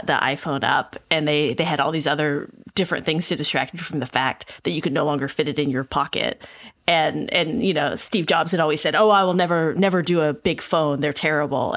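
Woman with a lower voice, emphatic and playful, tech chat. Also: fairly bright tone. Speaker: tech editor, podcast guest. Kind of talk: casual panel chat.

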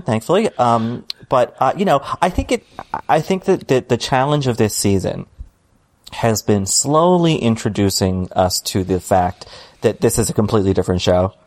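A man co-hosts a podcast in relaxed, casual chat. His voice sits somewhat low, and he talks in a measured, thoughtful way. He hesitates now and then and slips in dry humor. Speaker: podcast co-host.

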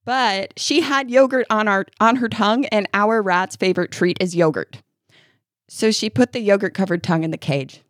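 Chatty mom telling a story, dry sound. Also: female voice, medium pitch, normal speed, no echo. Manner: animated storyteller, laughing often. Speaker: podcast co-host and mother. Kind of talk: casual chat and read ad.

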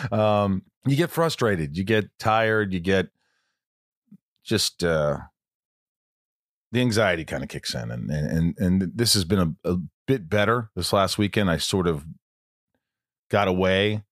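A man's voice: low voice, lively intonation, a little slow, long pauses, dry recording, studio quality. A man hosting a podcast in casual chat, rambling and joking about himself. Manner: rambling, with self-deprecating humor. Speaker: podcast host.

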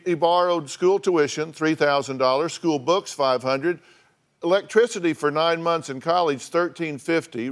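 A man hosting a talk show, bluntly lecturing his guests and repeating points for emphasis. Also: on the high side. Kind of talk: confrontational counseling.

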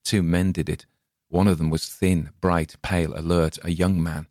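A man with a very deep, low voice reads a dark tale aloud, measured and ominous. The recording is close and dry, with no room sound at all. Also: level tone, dry recording. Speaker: story narrator. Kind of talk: dramatic story reading.

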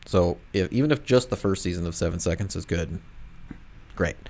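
A man's voice: sits low, normal speed, darkish tone. A man co-hosting a podcast in casual chat, rambling and hesitant with a dry manner. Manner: rambling, hesitant, many fillers and restarts, dry. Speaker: podcast co-host.

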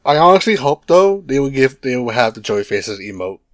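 A man's voice: mid-range voice, brisk, no echo. Rambling podcast guy, dry sound. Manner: rambling, restarts, excitable. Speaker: podcast co-host. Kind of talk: casual chat.

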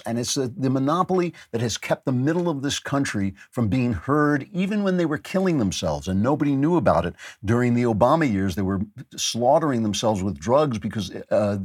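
A man's voice: fairly low pitch, breathy edge, no echo, clean studio sound. A male podcast host giving emphatic, sardonic political commentary, repeating phrases for stress.

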